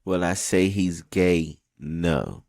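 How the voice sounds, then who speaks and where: Gravelly deep-voiced man, blunt and profane. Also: lively intonation, slow, a little mellow, dry recording, clean studio sound. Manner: blunt, profane, stammers on restarts. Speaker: podcast co-host. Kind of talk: casual debate.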